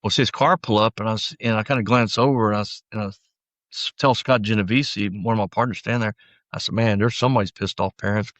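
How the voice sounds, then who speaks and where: A man's voice: lowish voice, steady tone, quick pace, fairly bright tone, no echo. A middle-aged man, a former sheriff's deputy, recounting his story in an interview, with frequent restarts and quoted lines acted out. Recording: dry, slightly dull audio.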